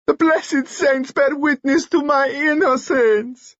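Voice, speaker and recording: A man voicing an oily, fawning male foreign blackmailer in an audiobook, with a shrill, wailing manner. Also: moderate pace, slightly rough, no echo, lo-fi sound, close to an everyday voice. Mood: hysterical.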